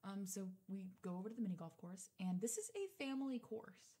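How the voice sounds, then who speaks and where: With a mellow, medium-pitched voice and a brisk pace, this twentysomething podcast co-host chats through a story, swears without restraint, and dramatizes the quotes.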